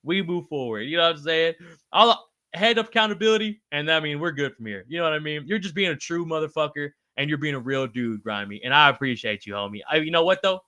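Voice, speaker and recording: Man, livestream host, casual slangy chat, lots of swearing, bright voice, dry close sound. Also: fast, dry recording. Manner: swears freely, slangy, shouts out chatters by name; pitch jumps high when excited.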